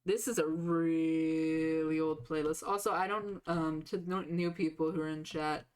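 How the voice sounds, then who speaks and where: A woman streaming a game live, chatting casually with a sore throat that lowers her voice, rambling with lots of "like" and restarts. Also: steady tone, a little slow, a little mellow, clear, resonant tone. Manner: rambling, full of "like" fillers and restarts.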